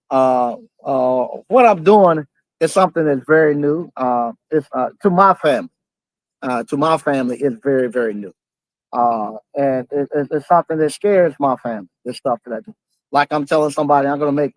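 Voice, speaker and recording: A man's voice: on the high side, dry recording, rough recording. Guy rambling to his camera, lots of uhs and restarts, kinda determined, chuckles a lot, dry sound. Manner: halting, full of fillers and restarts; earnest and determined. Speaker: vlogger. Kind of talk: casual talk to camera.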